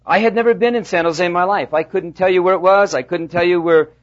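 A pastor preaching a sermon, telling a folksy story with halting restarts. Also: male voice, sits high. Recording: dull lo-fi sound.

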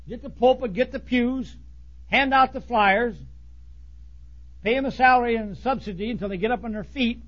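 A man preaching a blunt, folksy sermon to ministers, swinging from loud outbursts to hushed asides. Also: extremely high pitch, brisk, dull audio. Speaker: pastor.

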